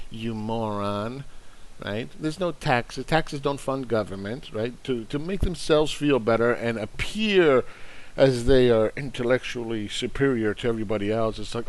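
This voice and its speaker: A man at a middle pitch hosts an investing channel and rants at his critics. He is angry, sarcastic and profane, with a mocking tone throughout. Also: moderate pace. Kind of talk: ranting commentary.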